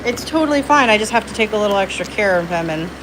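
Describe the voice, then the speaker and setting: A woman's voice: animated, fast talker. Chatty woman vlogging outdoors on a farm. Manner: chatty, coos at the animals in a high baby voice. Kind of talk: casual vlog narration and talking to animals. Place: outdoors on a farm with birds and horses. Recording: outdoor farm noise behind.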